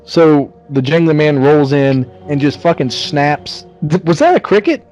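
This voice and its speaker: A man's voice: fairly high pitch, a little slow, darkish tone, faint music behind. Male co-host summarizing the movie, casual and profane, slightly dull recording. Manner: joking, swearing, summarizing plot. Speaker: podcast co-host. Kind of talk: casual chat.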